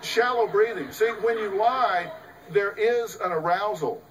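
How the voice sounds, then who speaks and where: Man, middle-aged, lecturing host, folksy and emphatic, fairly high voice, heard from a distance. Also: a little slow, crowd noise. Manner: emphatic, folksy, rhetorical questions. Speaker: talk show host and psychologist. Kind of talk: lecture to a live audience.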